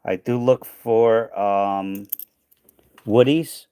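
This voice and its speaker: This coin hunting channel host has a lowish, steady, mellow and smooth voice, drawing out his words in a dry recording. Sorting coins during a laid-back livestream, he thinks aloud and lets sentences trail off, worn out and going hoarse.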